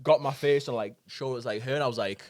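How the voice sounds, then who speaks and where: A man's voice: medium pitch, quick pace. Swearing man telling a rambling story. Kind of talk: casual pub chat.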